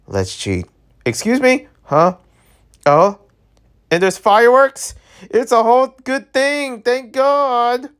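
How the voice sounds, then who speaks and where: A man's voice: high voice, clean tone. A man reading webtoon dialogue aloud in a casual way, voicing every part himself and breaking in with jokey asides and filler sounds. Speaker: webtoon reader. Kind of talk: casual read-aloud with commentary.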